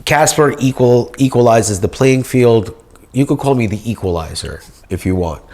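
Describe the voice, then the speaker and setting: A man's voice: medium pitch, expressive, normal speed, a little mellow. A man in a rambling monologue, making grandiose claims as if pleading his case to a judge. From United States.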